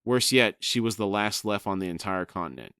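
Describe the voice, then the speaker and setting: A man with a fairly low voice reads a fantasy novel aloud in a measured pace, breaking off to chat about it. The recording is dry and close, with no room sound. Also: lively intonation, sharp tone, clear, resonant tone, no echo. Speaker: podcast co-host and reader. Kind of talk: reading a novel aloud and discussing it.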